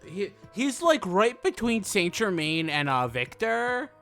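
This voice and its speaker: A man's voice: high voice, sing-song, takes it slowly, fairly bright tone, faint music behind. A man co-hosting a game let's play, reading narration and joking in a wry, playful way. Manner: wry, playful, reads narration in first person.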